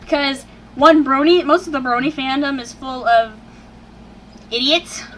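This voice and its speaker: A woman's voice: high voice, a little slow, a little hiss or hum. A woman co-hosting a casual chat, talking in a hyper, giggly way. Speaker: co-host.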